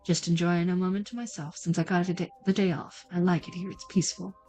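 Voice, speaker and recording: A woman's voice: lowish voice, steady tone, fast, warm tone, soft background music, voice pushed down, lightly acted. A woman voicing a sly drawling old janitor. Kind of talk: reading a video game aloud.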